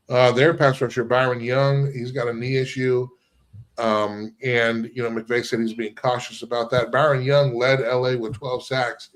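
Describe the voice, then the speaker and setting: Man hosting a sports talk show. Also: medium pitch. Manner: asks questions, cites stats from notes. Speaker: host.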